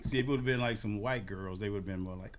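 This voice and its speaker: A man in his sixties telling lively, laughing stories as a guest on a radio morning show, acting out voices as he goes. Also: fairly low pitch, quick pace. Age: 60s. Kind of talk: casual storytelling on a radio show.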